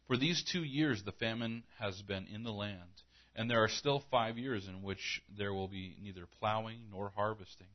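Male pastor, low voice, earnest conversational preaching, slightly dull lo-fi recording. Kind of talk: sermon.

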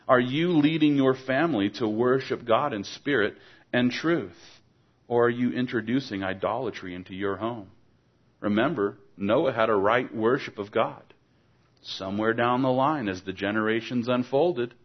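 A man preaching a sermon, earnest and exhorting, asking his listeners pointed rhetorical questions. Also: medium pitch. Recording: dull lo-fi recording.

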